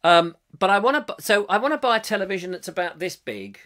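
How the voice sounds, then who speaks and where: A chatty male host with a high, bouncy voice that swings all over the place. His tone is bright and forceful. He rambles and jokes as he reads out viewer comments on a live stream. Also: lively intonation. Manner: chatty, jokey, rambling, quick to laugh.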